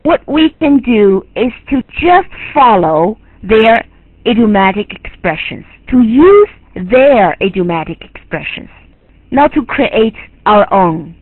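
A woman with a Chinese accent teaches English in a bilingual lecture, repeating phrases and quizzing her students. Her voice is a little husky. It comes through a dry, tinny, phone-like line. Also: on the high side, animated, slow pace, dry recording. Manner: repeats and restarts phrases, asks the class questions. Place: online lecture.

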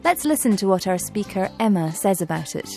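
A woman presenting a language-learning programme, explaining points clearly and in a friendly way from a script. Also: medium pitch, sing-song, fairly quick, dark tone, soft background music.

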